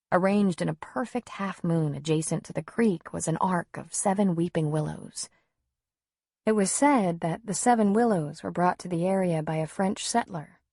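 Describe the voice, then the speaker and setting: A woman narrating an audiobook in a measured, even storytelling manner. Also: on the low side, creaky, slightly rough, dry recording, studio quality. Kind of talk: scripted narration.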